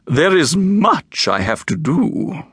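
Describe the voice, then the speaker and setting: A man's voice: on the high side, very animated, takes it slowly, gravelly, husky, no echo, studio quality, voice pushed up, heavily acted. A man voicing a curt, imperious woman archaeologist. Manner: formal, curt, hushed and threatening. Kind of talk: audiobook character voice.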